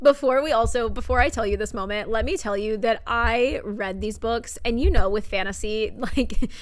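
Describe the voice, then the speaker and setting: A woman's voice: a little high, normal speed. A young adult woman co-hosting a podcast, chatting animatedly about books with many fillers. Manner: animated, lots of fillers and retold quotes. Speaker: podcast co-host. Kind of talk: casual book chat.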